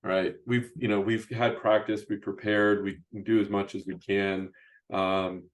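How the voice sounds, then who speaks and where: Middle-aged male host, low voice, loose conversational delivery full of restarts. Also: little pitch movement, a little slow. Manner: rambling, frequent restarts and "you know, right?" tags. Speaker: podcast host and youth basketball coach. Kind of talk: casual interview chat.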